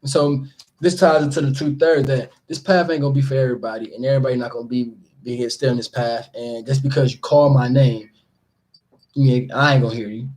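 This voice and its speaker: A man casually explaining scripture, animated and laughing, acting out the people he talks about. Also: medium pitch, a little fast. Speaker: teacher leading scripture study.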